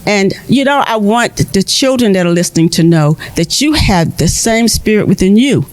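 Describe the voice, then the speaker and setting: A woman storyteller telling a folk tale to children in a lively, expressive way. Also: medium pitch, normal speed.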